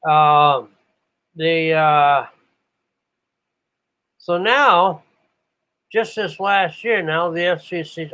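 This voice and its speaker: A man's voice: fairly high pitch, extremely slow, pauses often, bright, forceful tone. An older man from New England reminiscing about radio operators, meandering and stopping to search aloud for names. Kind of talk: rambling reminiscence. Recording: muffled lo-fi recording.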